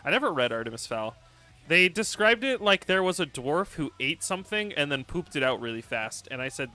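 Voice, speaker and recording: A man's voice: fairly high pitch, very animated, a little fast, bright, forceful tone. A man streaming live, rambling casually and joking while he reads and answers viewer chat. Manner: rambling, joking, lots of laughs and fillers.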